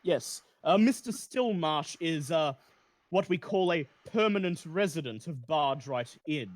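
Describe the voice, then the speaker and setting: A sly male schemer in a tabletop game, leaning in with conspiratorial asides, played by a game master. His voice runs a touch higher than the speaker's plain talk. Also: animated, measured pace, dry recording.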